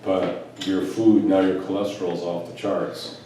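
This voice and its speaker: Speaking low with little pitch movement and a slightly slow pace, an American man who is a physician and spiritual teacher tells stories to a live audience, using quoted dialogue and rhetorical questions. The sound is distant and echoey, from a large event room, with faint background noise.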